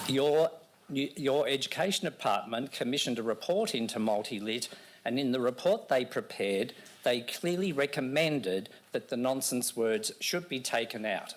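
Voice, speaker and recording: A man's voice: medium pitch, fairly bright tone, a little hiss or hum. A man, an education consultant giving a conference talk to a room of listeners and joking with them. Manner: teasing, jokes with the audience. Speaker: education consultant presenting at a symposium. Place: lecture room with an audience.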